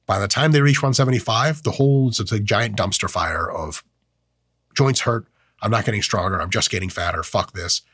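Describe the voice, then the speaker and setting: A man's voice: lowish voice, moderate pace, husky, no echo, clean studio sound. A man hosting a fitness channel, giving a casual, joking, profane lecture on training and diet. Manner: profane, joking, animated delivery. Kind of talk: casual educational monologue.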